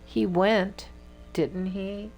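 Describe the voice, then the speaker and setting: A woman narrator voicing a calm, wise storyteller woman who speaks steadily and firmly. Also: medium pitch, extremely slow, faint music behind. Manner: steady, firm.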